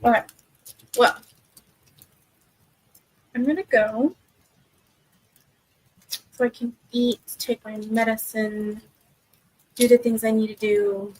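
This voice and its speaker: A woman's voice: fairly high pitch, fairly even intonation, slow pace, pauses often, a little mellow, low-quality recording. A young woman hosting a livestream, chatting casually with viewers from her desk and rambling with many fillers and restarts. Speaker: livestream host. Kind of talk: casual chat with live chat. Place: home desk.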